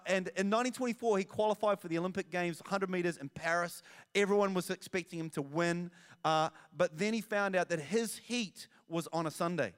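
Animated male pastor in a reverberant church hall. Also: high voice. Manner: animated, self-deprecating storytelling with asides. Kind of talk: sermon.

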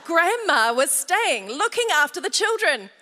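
A woman's voice: very high voice, very animated, measured pace, sharp tone. Australian woman preaching with playful humor. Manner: humorous storytelling with audience call-outs. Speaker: pastor. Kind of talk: sermon. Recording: long hall reverb.

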